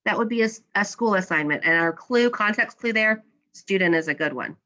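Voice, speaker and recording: A woman teacher walks her class through a slideshow lesson. She asks questions and then patiently answers them herself, in a bright, ringing voice. The recording sounds slightly muffled and dull. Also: mid-range voice, expressive, fairly quick.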